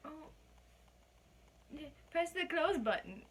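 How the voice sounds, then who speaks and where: A woman's voice: sits high, very animated, slow pace, background noise. A young adult woman casually telling a story as a guest, chatty and often laughing.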